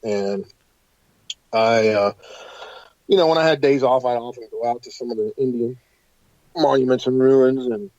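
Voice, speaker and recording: A man being interviewed about paranormal investigations, telling stories in an animated, hesitant way full of fillers. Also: mid-range voice, moderate pace, pauses often, no echo, muffled recording. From United States. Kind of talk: casual interview storytelling.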